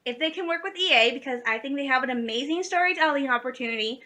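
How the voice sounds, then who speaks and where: A young woman vlogging in a casual, gushing way, talking fast and emotionally. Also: sits high, expressive, bright, forceful tone. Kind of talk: excited casual fan vlog.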